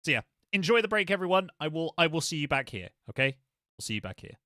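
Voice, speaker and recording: A man's voice: a little high, sing-song, fast talker, pushed and bright, dry recording. A man live-streaming a game, chatting playfully and talking straight to his chat.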